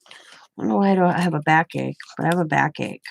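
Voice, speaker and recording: Older woman, gravelly, rambling chat. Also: sits low, fast, dry recording. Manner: rambling storytelling with restarts. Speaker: craft vlogger. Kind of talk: casual chat.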